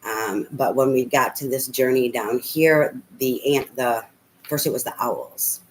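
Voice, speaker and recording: A woman's voice: a bass voice, measured pace, slight background noise, poor audio. A middle-aged woman telling a rambling personal story as a tarot reader, full of fillers and casual swearing.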